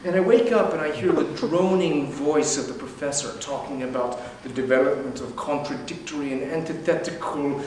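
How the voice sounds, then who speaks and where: A man's voice: on the high side, darkish tone, a little hiss or hum. A man telling a wry, self-mocking dream story live on a theater stage. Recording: echoey theater, distant mic.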